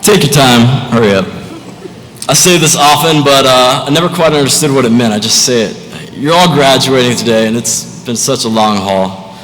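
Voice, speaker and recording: A man's voice: medium pitch, normal speed, a bit bright. A young man giving a commencement speech as a student speaker, with a light, joking delivery. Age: young adult. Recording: echoey hall, faint noise.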